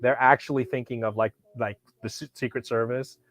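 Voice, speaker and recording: A man's voice: mid-range voice, fairly even intonation, fairly quick, a bit bright. A man vlogging about knives, telling a rambling, profane story with lots of restarts and bursts of animation. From Hollywood, California. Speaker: knife collector vlogger. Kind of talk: casual storytelling.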